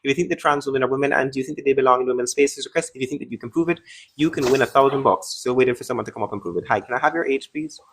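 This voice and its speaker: Man, live debate host, rapid-fire delivery, mocking, interrupting, mid-pitched. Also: fairly bright tone, a little hiss or hum. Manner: mocking, interrupting, taunting callers. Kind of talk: combative live-stream debate.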